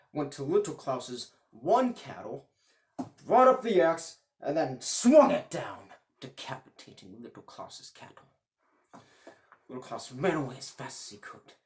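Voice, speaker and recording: A man narrating a children's fairy tale in a dramatic, animated way. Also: mid-range voice. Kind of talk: storytelling for children.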